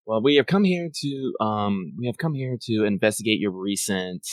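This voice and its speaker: A man's voice: lowish voice, animated, normal speed, hardly any pauses, no room sound. A man playing a tabletop game, talking casually and playfully in character. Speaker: player.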